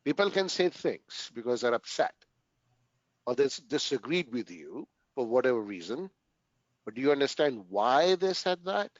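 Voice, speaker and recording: Play a man with a middle-pitched voice, talking earnestly to an interviewer over a dull, muffled line, close and dry. Keep the phrases short, stop and restart now and then, and end points with "right?". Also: very animated, dry recording. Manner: earnest, repeats "right?" often, pauses to restart sentences. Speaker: interview guest. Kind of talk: casual conversational interview.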